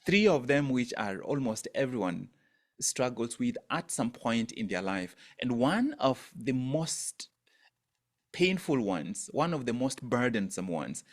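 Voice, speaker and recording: Male workshop coach, emphatic and repetitive, mid-range voice, on a video call. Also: mid-range voice. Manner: emphatic, repeats phrases for effect, rises sharply on quoted lines. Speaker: mindset coach leading an online workshop. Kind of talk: teaching talk.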